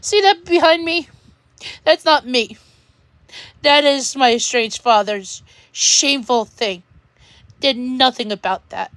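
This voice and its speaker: High-voiced upset woman ranting. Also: fairly bright tone, dry recording. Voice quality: upset, halting with restarts. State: close to tears. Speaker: vlogger. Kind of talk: emotional rant to camera.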